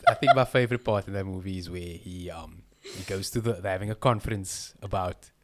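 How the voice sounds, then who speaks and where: A man's voice: low voice, a little fast, very noisy. A man co-hosting a podcast, telling stories animatedly between laughs. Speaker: podcast co-host. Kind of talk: casual chat.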